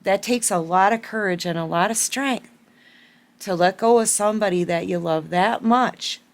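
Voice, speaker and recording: A woman's voice: medium pitch, moderate pace. A woman giving a collective tarot reading to her viewers, emotional and fighting back tears, repeating phrases for emphasis. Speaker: tarot reader.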